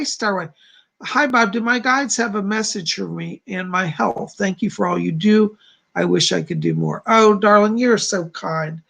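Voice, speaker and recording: A man doing psychic readings on a live stream in a soft, reassuring manner, reading out viewer messages and answering each one. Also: high-pitched, creaky. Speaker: psychic medium.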